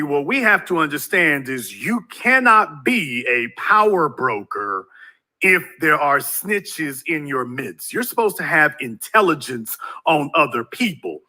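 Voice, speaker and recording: A man rants through a video monologue as a YouTube commentator, his high-set voice very bright and cutting. He preaches at his viewers and keeps hammering them with rhetorical questions.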